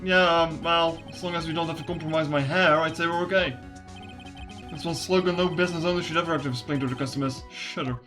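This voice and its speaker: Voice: mid-range voice, steady tone, quick pace, fairly bright tone, faint music behind, voice pushed down, natural voice. A streamer voicing a nervous young male lawyer who stammers and makes dry remarks. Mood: wry.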